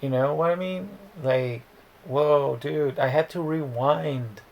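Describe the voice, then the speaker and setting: Rambling, gravelly-voiced man recapping a movie. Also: on the high side, takes it slowly, darkish tone, rough recording. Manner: rambling, profane, restarts words. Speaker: movie reviewer.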